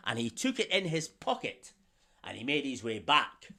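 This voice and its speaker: A man's voice: medium pitch, very animated, normal speed, creaky, sharp tone. A man telling a story to children, theatrical and drawing the listeners in to join along. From Scotland. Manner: theatrical, asks the young audience to join in.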